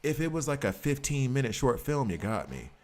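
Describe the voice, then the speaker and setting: A man streaming a game, chatting casually in a rambling, jokey way. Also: mid-range voice. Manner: animated, rambling, jokey, breaks into quick voices. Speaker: gaming streamer. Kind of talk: casual chat while gaming.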